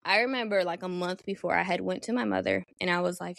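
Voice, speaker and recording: A woman's voice: mid-range voice, very fast, gravelly, fairly bright tone, dry recording. A young woman hosting a solo podcast, talking candidly and animatedly, swearing freely. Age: young adult. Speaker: podcast host. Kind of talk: casual solo podcast talk.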